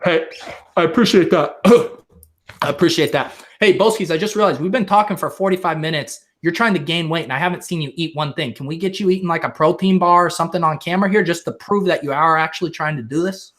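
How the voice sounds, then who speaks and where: Theatrical man, higher voice, mock-sincere. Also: quick pace, a bit bright. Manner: theatrical, mock-emotional, rambling. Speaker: stream guest. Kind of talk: comedic live stream chat.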